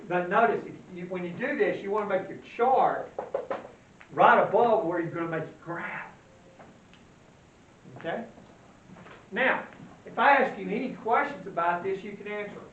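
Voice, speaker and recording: A man's voice: high voice, moderate pace, long pauses, a bit bright. A male math teacher giving a classroom lecture in a folksy way, quizzing the class and answering his own questions. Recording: roomy, distant, dull lo-fi sound with faint hiss.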